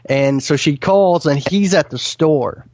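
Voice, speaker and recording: A man's voice: on the high side, slow, a little mellow, dry recording, dull audio. A man earnestly recounting a frightening encounter in detail as an interview guest, often restarting his sentences. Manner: earnest, vivid retelling with frequent restarts. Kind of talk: first-person storytelling.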